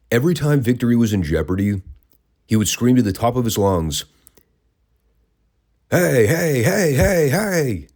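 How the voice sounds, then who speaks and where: A man's voice: low-pitched, warm tone. A man hosting a wrestling review podcast, talking casually with wry, sarcastic asides.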